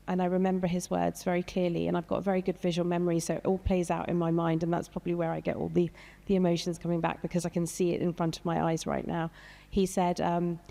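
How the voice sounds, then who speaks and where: A woman's voice: fairly low pitch, gravelly, mellow. A woman in her thirties, a doctor, speaking hesitantly with many fillers and some emotion on a panel discussion. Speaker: doctor and patient guest. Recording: long hall reverb.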